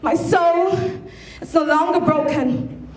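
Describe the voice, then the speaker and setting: A woman performing an impassioned spoken word poem, at times shouting and lilting into a sing-song delivery. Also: very high voice, slow pace. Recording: echoey room with faint ambient noise.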